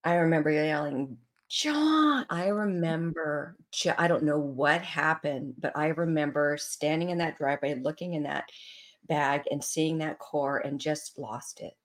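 A woman's voice: deep voice, fairly even intonation, unhurried. A middle-aged woman telling an emotional personal story as a guest in an interview.

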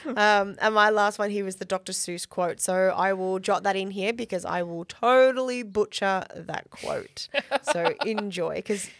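A woman's voice: medium pitch, measured pace, dry recording. A woman co-hosting a podcast in casual chat, giggly and chatty as she reads out listener reviews. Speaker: podcast co-host.

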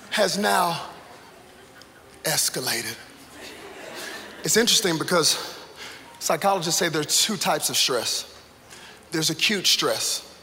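A male pastor in his thirties preaching a sermon, telling a funny story with animated energy that builds to excited shouts. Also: a little high, takes it slowly, long pauses, a faint crowd, a little hiss or hum. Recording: echoey hall, live room ambience.

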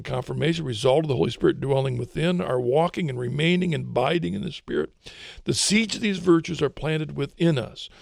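A man talking through Christian ideas in a relaxed discussion, thoughtful and often repeating words as he searches for phrasing. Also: a little high, creaky, no echo, studio quality. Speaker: author and co-host of a faith discussion. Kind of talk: casual religious discussion.

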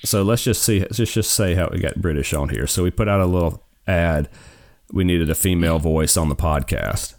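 Low-voiced guy hosting a game podcast, rambly casual chat, keeps restarting sentences. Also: normal speed, a little mellow. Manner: rambling, self-correcting storyteller. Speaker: podcast host.

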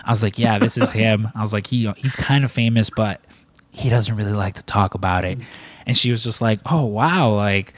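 A man's voice: lowish voice, moderate pace, a little hiss or hum. A man casually telling long stories in a chat, rambling with lots of restarts and cursing freely.

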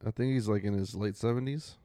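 A man's voice: on the low side, a little fast, mellow, no room sound. A man as a podcast guest, chatting casually and reacting with profane disbelief. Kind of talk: casual chat.

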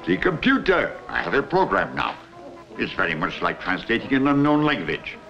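An old bee scientist, film clip. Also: male voice, medium pitch, wildly swooping pitch, gravelly. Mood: explaining. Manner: halting, explanatory, stilted foreign-sounding phrasing. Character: elderly male scientist decoding bee language. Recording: dull film clip audio with faint music.

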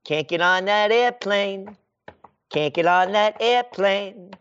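Sarcastic guy ranting on radio, high voice jumping all over, dull lo-fi sound. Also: slow pace, fairly bright tone, clean tone. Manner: mocking, sarcastic, theatrical. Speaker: radio host. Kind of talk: satirical rant with a sung parody.

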